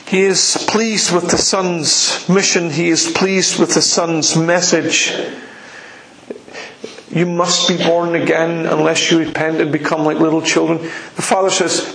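A man delivers a sermon in an emphatic, repetitive style, pressing his listeners with rising questions. His voice sits high and has a gravelly edge. The sound carries a noticeable echo from the room. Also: flat delivery, measured pace, fairly bright tone. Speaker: preacher. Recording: echoey room.

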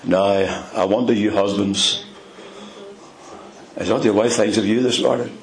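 An older man preaching a sermon, telling stories and stressing words with big rises and low drops. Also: steady tone, a little slow, low-quality recording.

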